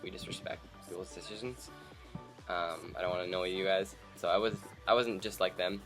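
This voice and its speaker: Young man, from Canada, low voice, animated storytelling, faint background music. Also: fairly quick. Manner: animated, acts out quoted people. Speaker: vlogger. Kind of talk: casual storytelling to camera.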